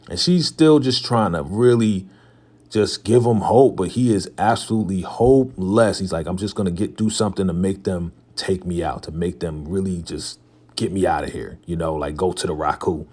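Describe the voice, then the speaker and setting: A young man with a low, deep voice gives a casual recap of a TV episode. He retells each scene by paraphrasing what the characters say, with frequent small chuckles in an easy, chatty delivery. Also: brisk, darkish tone. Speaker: TV recap host.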